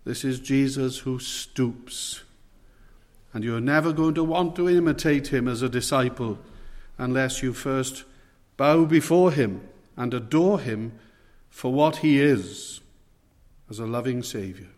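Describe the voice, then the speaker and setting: Earnest preacher in an echoing hall. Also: male voice. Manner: earnest, emphatic, slows and drops to soft low phrases. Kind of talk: sermon. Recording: long hall reverb.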